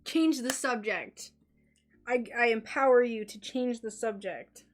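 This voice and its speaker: A woman's voice: on the high side, measured pace, soft background music. A woman chatting casually on a stream, giggly and rambling with lots of fillers.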